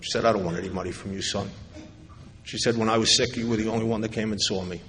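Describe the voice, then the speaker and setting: A man's voice: fairly low pitch, fairly even intonation, fast talker, a bit bright. A middle-aged man from New York speaking at a recovery convention, telling a personal story with wry humor and acting out what others said. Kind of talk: personal recovery talk to an audience. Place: large convention hall. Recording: echoey hall with faint ambience.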